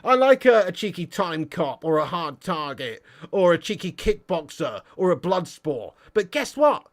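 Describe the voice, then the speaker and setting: A man with a fairly high voice hosts a football fan livestream in loose, casual chat. He rants, swears freely and banters with viewers as he reads out their comments. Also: normal speed. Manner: ranting, swearing, animated banter. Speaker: football fan channel host.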